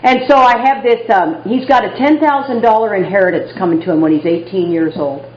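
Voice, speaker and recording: A woman's voice: mid-range voice, a little fast, a little mellow, a little hiss or hum. Candid middle-aged woman telling her story. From Texas. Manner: candid, wry, self-mocking storytelling. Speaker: recovery meeting speaker. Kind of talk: personal testimony talk. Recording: roomy, dull live recording.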